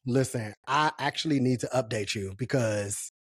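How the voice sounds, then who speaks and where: Podcast co-host, woman, husky, animated gossip, dry close mic. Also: very deep voice, moderate pace, no echo. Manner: animated, laughing often, gossipy. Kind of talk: casual pop-culture chat.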